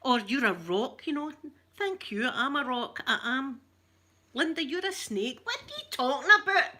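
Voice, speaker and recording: A woman's voice: sits high, very animated, moderate pace, pushed and bright. A Scottish woman chatting casually with livestream viewers, joking and laughing often in a broad local speech. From Scotland. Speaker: ASMR livestream host. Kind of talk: casual chat.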